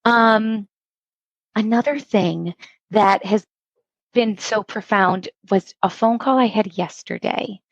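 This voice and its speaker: A woman's voice: medium pitch, slow pace, creaky, no room sound, dull audio. A middle-aged woman, an instructional coach, telling stories in a podcast interview and acting out the quoted dialogue. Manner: animated storytelling, acts out quoted dialogue.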